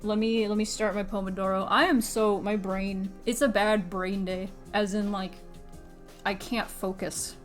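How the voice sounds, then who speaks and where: A woman's voice: medium pitch, level tone, unhurried, soft background music. Chatty, swearing woman streaming her art. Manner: chatty, scattered, swears freely and laughs. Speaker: streaming artist. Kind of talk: casual live-stream chat.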